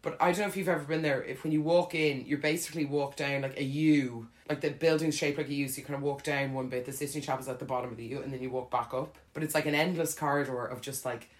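Irish woman, deep-pitched, casual, animated, laughing, filler-heavy storytelling. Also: fast, hardly any pauses.

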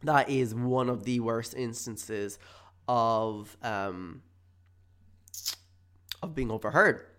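A man talking alone into a studio mic for his podcast, rambling and full of fillers. His voice sits at an ordinary middle pitch, easy and unhurried. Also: fairly bright tone. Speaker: podcast host. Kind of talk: casual solo podcast monologue. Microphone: studio mic with headphones.

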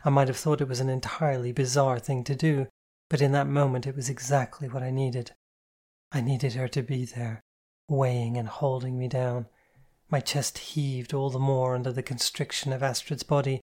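A reader giving a soft-spoken, even, first-person narration of a novel. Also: mid-range voice, moderate pace. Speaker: audiobook reader.

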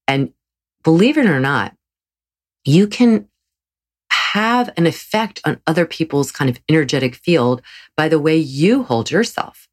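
A woman's voice: low voice, animated, measured pace, long pauses, husky. A woman hosting her own podcast as a yoga teacher, talking earnestly and encouragingly in a solo episode, with frequent restarts.

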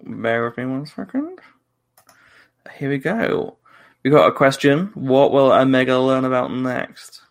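A man co-hosts a live-streamed fan podcast in loose, casual chat. His mid-pitched voice carries a gravelly, creaky edge. He rambles, laughs often and keeps restarting his sentences. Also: animated, unhurried. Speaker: podcast co-host.

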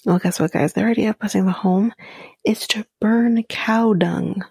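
Woman host, casual recap chat, blunt and profane, gravelly fry, dry close sound. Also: medium pitch, moderate pace, no room sound. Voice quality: breathy, often half-whispered. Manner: blunt, profane, animated retelling. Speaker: podcast host recapping a reality show.

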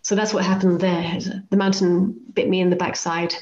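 A woman's voice: fairly low pitch, level tone, a little fast, a little mellow. A woman in a podcast interview, spinning self-deprecating stories and acting out what others said. Her voice sits in the middle of the range, but the audio comes through roomy and a little dull, like a remote call. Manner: chatty, self-deprecating, acts out quoted lines. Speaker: guest author and volcano climber. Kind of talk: anecdotal storytelling in a podcast interview.

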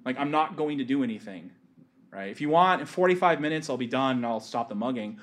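Man playing a lazy police officer, quiet, offhand. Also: medium pitch, animated, brisk, natural voice.

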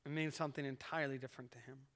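A man's voice: mid-range voice, little pitch movement, rapid-fire, fairly bright tone. A man preaching a sermon as pastor, earnest and swelling and dropping in volume as he retells a scene. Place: church sanctuary. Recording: echoey church hall.

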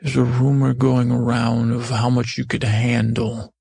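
Brief: man as a fumbling courtier, flat-toned, husky, creaky. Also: mid-range voice, a little slow, no room sound, clean studio sound, heavily acted. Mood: placating. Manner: placating, rambling.

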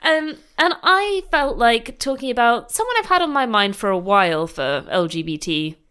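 A woman hosting a comedy podcast, chatting casually with quick, laughing asides. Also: on the high side, lively intonation, fairly bright tone, smooth. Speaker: podcast host.

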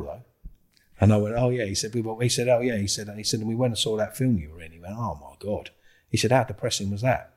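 Husky London man telling a story. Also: on the low side, fast. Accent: London English. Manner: animated storyteller, acts out dialogue, swears freely. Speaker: guest. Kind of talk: storytelling podcast interview.

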